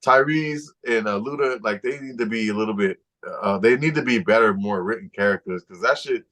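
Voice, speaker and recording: A man co-hosts a relaxed podcast conversation in an easygoing, slangy manner. He keeps tossing in casual filler and street phrasing as he talks things through. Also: on the low side, brisk. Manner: laid-back slangy talk, often saying "bro" and "you know what I'm saying". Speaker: podcast co-host. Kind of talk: casual movie-talk chat.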